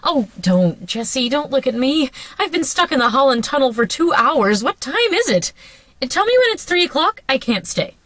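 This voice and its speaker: A jittery, chattering housewife, rehearsed by a woman alone in her car. Her lines tumble out breathless and rushed, the voice swooping widely and sitting fairly high. The sound is close and dry. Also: sing-song, fairly bright tone, no room sound. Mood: flustered. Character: nervous married woman, flustered and chattering. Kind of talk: solo line rehearsal. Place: front seat of a car.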